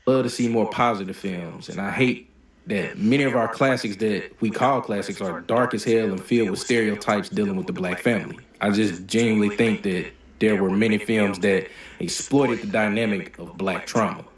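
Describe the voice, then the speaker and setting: A man hosting a movie reaction video, giving blunt, profane, animated opinions in casual commentary. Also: on the low side, moderate pace, reverberant.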